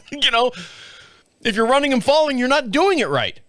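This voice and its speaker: A man's voice: extremely high pitch, very animated, normal speed, fairly bright tone, no room sound. A middle-aged man hosting his own show, telling a rambling story to camera in casual chat and laughing often, recorded in a small home studio. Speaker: podcast host. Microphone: studio mic on camera.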